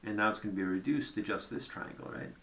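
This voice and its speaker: A man's voice: on the low side, quick pace, vocal fry, pushed and bright, reverberant. A man giving a conversational lecture at a whiteboard, thinking aloud and checking in with "right?" as he goes.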